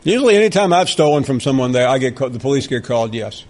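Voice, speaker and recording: A man's voice: medium pitch, lively intonation, fast talker, a little mellow. A man hosting a sports call-in radio show, talking in a wry, conversational way into a studio microphone.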